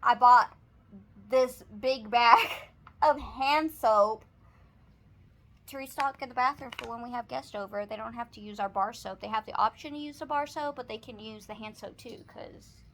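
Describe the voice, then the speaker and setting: A young woman with a Texan accent talks casually to her camera at home, rambling through a shopping haul and a funny story. Her voice sits at an ordinary middle pitch, and her talk is loose and chatty, full of "like" and "you know.". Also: fairly bright tone. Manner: chatty, storytelling, says "like" often. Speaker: vlogger. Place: apartment, indoors.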